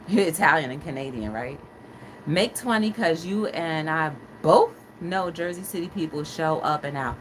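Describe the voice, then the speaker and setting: A woman hosting a casual livestream talk show, chatting with viewers' comments and acting out quotes in animated stories. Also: low voice, normal speed, a little hiss or hum. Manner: animated storyteller, acts out quotes, laughs often. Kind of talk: casual chat reading live comments.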